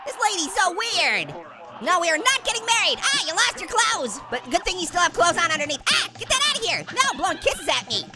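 A man voicing a hyper, wisecracking talking orange as he comments on a game, with a sped-up, pitch-shifted voice, giggling and punning. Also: very animated, a little fast. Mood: giggly, teasing. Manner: giggly, punning, goofy taunts. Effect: sped-up high pitch-shifted voice. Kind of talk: let's play commentary. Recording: loud game music underneath. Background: game music.

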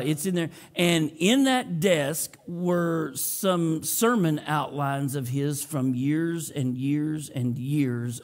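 Male pastor, slightly high voice, unhurried delivery, folksy joking asides. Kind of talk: sermon with opening prayer. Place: church sanctuary.

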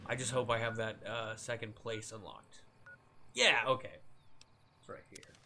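Fairly low-pitched and pushed bright, this young man keeps a measured pace and fairly even intonation while streaming a modded game. He rambles casually, mocks himself, laughs a lot, and swears or yelps whenever something scares him.

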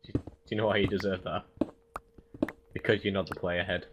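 Laid-back young man, lowish voice, noisy mic. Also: flat delivery, fairly quick, muffled recording. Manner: laid-back, dry teasing remarks. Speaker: co-player. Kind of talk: casual gameplay chat.

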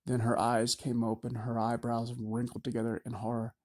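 A man narrating a fantasy audiobook in a steady, measured reading. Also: medium pitch.

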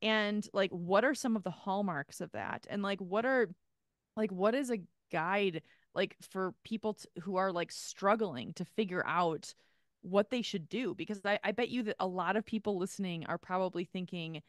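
A woman's voice: medium pitch, moderate pace, dry recording, clean studio sound. A woman hosting a podcast, chatting casually and rambling with lots of filler words. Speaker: podcast host. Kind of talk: casual chat.

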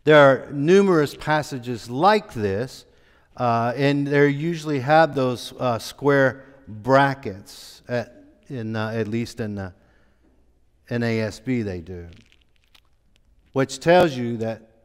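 A man preaching a sermon as a pastor, teaching in a slow, conversational way with frequent fillers and restarts. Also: medium pitch, smooth, in a large hall. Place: church sanctuary.

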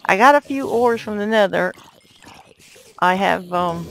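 Woman gamer w/ a gravelly voice, talks slow, hollers at mobs then mumbles to herself. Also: medium pitch, rough recording. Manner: exclaims and yells at enemies, then mutters to herself. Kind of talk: let's play commentary.

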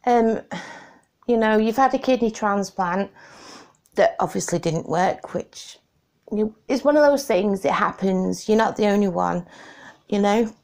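A woman's voice: medium pitch, unhurried, darkish tone. A woman answering interview questions about her family at home, hesitant and full of ums, emotional at times. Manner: hesitant, many ums, emotional and laughing through tears. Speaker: interviewee, wife of the video maker.

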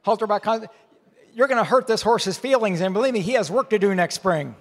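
A man running a live charity auction, calling bids in quick repetitive runs. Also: sits high, long reverb tail. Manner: rapid repetitive bid calling. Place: large event hall.

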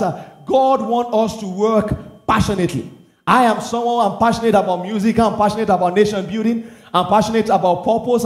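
A man's voice: high voice, echoey room. A man preaching a sermon, earnest and emphatic, asking the listeners questions. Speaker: pastor.

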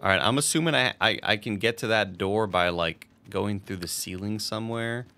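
A man chatting through a game stream in a fairly low voice with a bright, forceful edge. His talk is loose and casual. He swears freely and laughs a lot as he plays. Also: normal speed, gravelly. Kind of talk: casual gameplay commentary.

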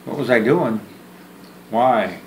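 A man's voice: medium pitch, slow, slight background noise. A man vlogging one side of a phone call. He jokes around, rambles and restarts his words, and pokes fun at himself. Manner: joking, rambling, self-deprecating, repeats words. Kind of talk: one-sided phone chat to camera. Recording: roomy with faint ambience.

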